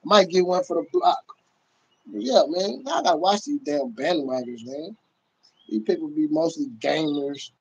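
A man on a casual livestream, ranting in a loud, profane, boisterous way and laughing often. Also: a little high, lively intonation, moderate pace, husky, lo-fi sound.

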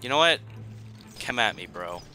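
A man's voice: medium pitch, animated, moderate pace, sharp tone, soft background music. A young man commentating his own strategy game, pleading and joking at the enemy in a dramatic, self-mocking way. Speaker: gaming YouTuber. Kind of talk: gameplay commentary.

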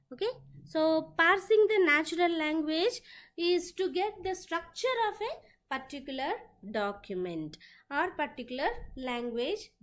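A woman delivers a classroom lecture in a high voice. She explains each point patiently, often starting with "okay, so" and repeating key phrases.

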